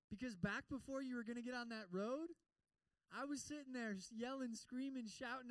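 A man's voice: sits high, normal speed, pauses often, smooth, no room sound, poor audio. A young man preaching a conversational sermon, acting out quoted voices of God and listeners. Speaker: campus ministry preacher.

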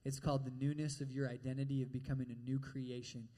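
A man's voice: medium pitch, little pitch movement, fast talker, dark tone. A man preaching a sermon in a church, talking directly and conversationally to the congregation and often checking in with "all right?".

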